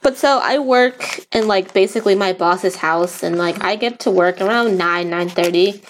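A young woman co-hosts a podcast in a casual, teasing way. Her voice sits at an everyday middle pitch, with faint noise behind it. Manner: teasing, quick reactions. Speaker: podcast co-host. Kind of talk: casual chat.

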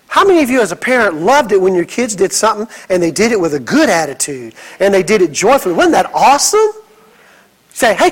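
Male pastor, middle-aged, high voice, animated storyteller, sermon. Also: low-quality recording. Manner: animated storytelling with acted quotes.

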